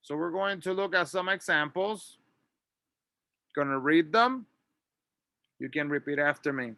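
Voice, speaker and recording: A man's voice: on the high side, unhurried, pauses often, sharp tone, dry recording, studio quality. A man teaching an English lesson, patiently drilling words and asking listeners to repeat after him.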